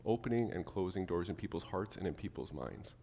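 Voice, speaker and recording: A man preaching a sermon to his church, animated, acting out the people he quotes. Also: deep voice, a little fast, long reverb tail, slight background noise. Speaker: pastor.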